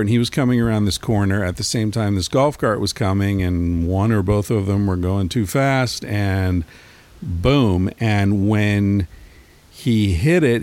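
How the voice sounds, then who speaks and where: A middle-aged man talks alone into a handheld mic, hosting his own show. His voice sits low with a gravelly, creaky edge. He rambles through a story in a loose, profane, casual way. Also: a little mellow. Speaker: podcast host. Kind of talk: casual solo monologue.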